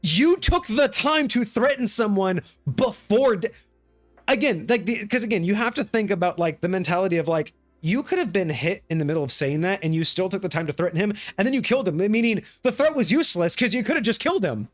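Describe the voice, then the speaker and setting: A man hosting a tabletop gaming live stream in casual chat, animated and often acting out quick bits of dialogue. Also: high voice. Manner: animated, acts out quick snippets of players and guards. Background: faint background music.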